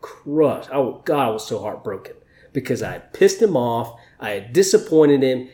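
Here the Navy chief's voice sits mid-range with a dark tone, lively intonation and moderate pace. As an interview guest he shares personal stories openly and with feeling, cursing freely, and the room echoes around him.

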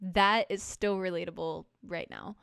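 Young woman, podcast co-host, casual recap, swears a lot, smooth voice. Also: on the low side, fairly even intonation, unhurried, a bit bright, dry recording, studio quality. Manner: chatty, swears freely, acts out quoted lines. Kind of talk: casual chat recapping a musical.

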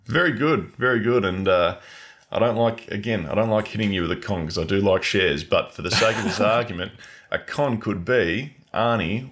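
Deep-voiced, easygoing man, finance podcast co-host who explains patiently. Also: fairly bright tone. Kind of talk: casual finance podcast chat.

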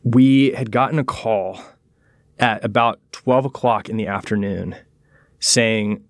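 Earnest low-voiced man telling a personal story. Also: no room sound, studio quality. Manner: earnest, reflective, slows down on key words. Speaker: pastor and podcast guest. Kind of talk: personal storytelling in a podcast interview.

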